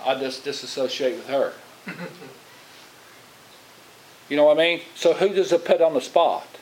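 A man's voice: a little high, moderate pace, darkish tone, rough recording. A man preaching in a church as pastor, plain-spoken and conversational, often putting questions to the congregation. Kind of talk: sermon.

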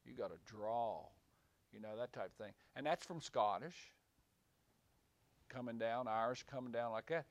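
A man's voice: medium pitch, normal speed, long pauses, no room sound, highs cut off. A man preaching to a small group in a room, rambling and repeating words, then rising to emphatic points. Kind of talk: small-group Bible teaching. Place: small room with a few listeners.

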